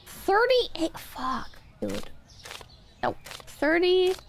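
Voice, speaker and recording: Woman streamer, high animated voice, unhurried, foul-mouthed and self-mocking, faint hiss behind. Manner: chaotic, swearing, self-mocking, talking to chat while playing. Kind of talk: casual gaming stream chat.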